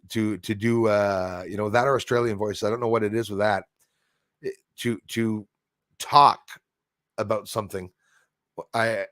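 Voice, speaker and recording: A man's voice: medium pitch, no echo, studio quality. A man hosting a casual live stream, rambling as he greets viewers and reads their chat comments aloud.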